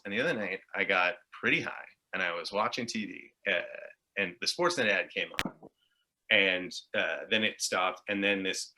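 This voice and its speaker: Montreal anglophone guest, very bright tense tone, rambling and sweary, casual chat. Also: male voice, fairly low pitch. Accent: English Canadian (Montreal Anglophone). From Montreal, Quebec. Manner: rambling, tangential storytelling with frequent swearing. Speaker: guest, actor and improviser.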